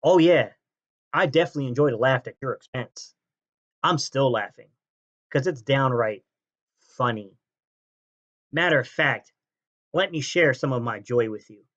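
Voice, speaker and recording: A man hosting a sports fan channel, ranting and mocking rival fans' comments, jumping between loud jabs and low sneers. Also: animated, a little slow, long pauses, highs cut off. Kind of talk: fan reaction rant.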